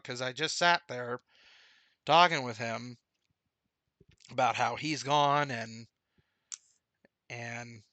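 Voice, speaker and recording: A man's voice: mid-range voice, pushed and bright, no room sound. A man in a candid, rambling personal video update about a dream and his grief. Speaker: vlogger.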